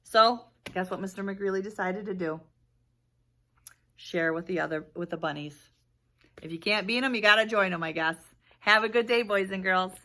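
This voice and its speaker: Woman, preschool teacher, storybook read-aloud, bright tone, animated, gasps and questions. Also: mid-range voice, moderate pace. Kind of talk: reading a picture book aloud to children.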